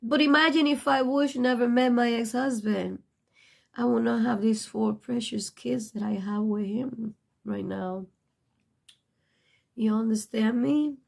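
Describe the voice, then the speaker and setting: A woman's voice: on the high side, fairly even intonation, unhurried, vocal fry, darkish tone. A middle-aged woman giving a casual tarot reading, blunt and profane, emotional and choking up at times, with non-native English phrasing. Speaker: tarot reader.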